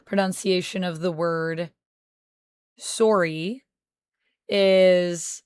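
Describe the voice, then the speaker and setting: A woman's voice: mid-range voice, measured pace, a bit bright, no room sound, clean studio sound. A Canadian woman streaming live, chatting casually and reading out viewers' chat messages as she answers them.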